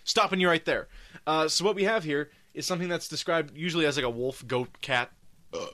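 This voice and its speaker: Bright-voiced man reading cryptid facts. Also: on the high side. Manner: halting, restarts, laughs often, reads facts aloud. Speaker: co-host. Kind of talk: casual podcast chat.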